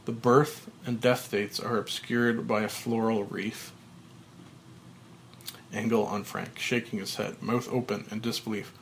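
A man hosting a podcast, reading a screenplay's stage directions aloud in a plain, even way with small slips. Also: lowish voice, measured pace, creaky, a little hiss or hum. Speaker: podcast host.

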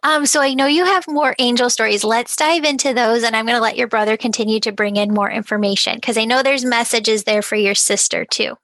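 Higher-voiced woman hosting an interview. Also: fairly even intonation, brisk, hardly any pauses, fairly bright tone, no echo. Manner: short encouraging prompts. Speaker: podcast host.

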